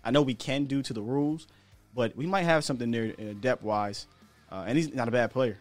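A man's voice: medium pitch, fairly quick, soft background music. An American man hosting a sports podcast, talking in a chatty, candid way with slang and the odd chuckle. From United States. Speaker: podcast host. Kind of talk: casual sports talk commentary.

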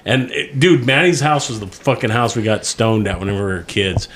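A man's voice: lowish voice, lively intonation, brisk, a bit bright, slight background noise. A middle-aged man, telling a story in a casual chat, swearing constantly and laughing as he goes. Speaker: podcast co-host.

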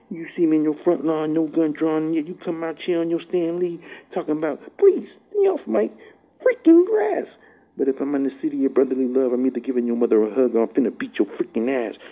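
A man rapping a battle verse, hurling aggressive, cursing insults at his opponent. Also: mid-range voice. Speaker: battle rapper. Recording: dull lo-fi recording.

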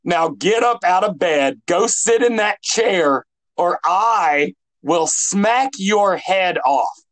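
A man's voice: high voice, lively intonation, takes it slowly, a bit bright, exaggerated voice. A man voicing a taunting female witch spirit who mocks and bosses her victim. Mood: mocking. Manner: sneering, bossy taunts.

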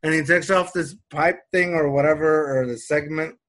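A man telling a story in casual chat, animated and acting out the people he quotes. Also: a little high, moderate pace. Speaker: storyteller in a conversation.

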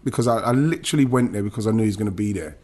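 Husky-voiced man telling a story haltingly. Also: on the low side, expressive, darkish tone. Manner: halting storytelling with many restarts and swearing. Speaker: podcast guest, former footballer. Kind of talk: emotional podcast interview.

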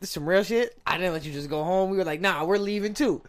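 A man's voice: sits high, fairly quick, over a noisy crowd. A young man casually telling a story on a podcast, in slangy speech with frequent laughs. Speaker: podcast guest.

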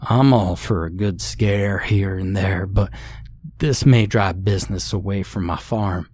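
A man's voice: deep voice, unhurried, darkish tone, slightly rough. Henry, a man doing a stern old farmer. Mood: folksy. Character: older male farmer neighbor, folksy and stern.

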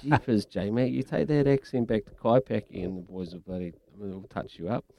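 A man's voice: on the low side, normal speed, creaky, mellow. A man hosting breakfast radio from a studio, chatty and laughing often. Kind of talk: casual radio banter.

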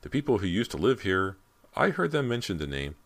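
A man's voice: lowish voice, sing-song, fairly quick, voice pushed up. A man voicing a friendly young male handyman in a storybook reading, breezy and eager.

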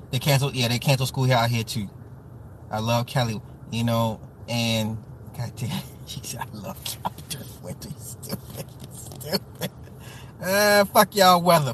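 A man from the US Midwest hosting a casual livestream, talking to chat with profane, joking, animated rants. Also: medium pitch, a little hiss or hum. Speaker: livestream host reading chat.

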